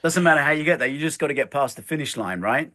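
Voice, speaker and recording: Speaking quickly in a slightly high voice, an older stuntman-filmmaker chats as an interview guest, spinning animated stories and acting out quoted lines.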